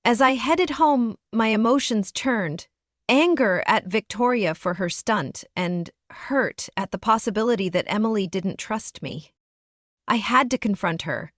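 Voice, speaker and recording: A woman's voice: medium pitch, lively intonation, a little slow, no echo, studio quality. A woman narrating a dramatic first-person story in an earnest, emotional way.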